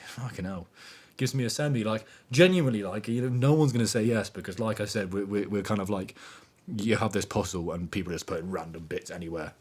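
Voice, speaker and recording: Animated man with a lowish voice. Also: a little fast, breathy edge. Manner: animated, emphatic, swears freely. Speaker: podcast host. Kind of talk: casual motivational monologue.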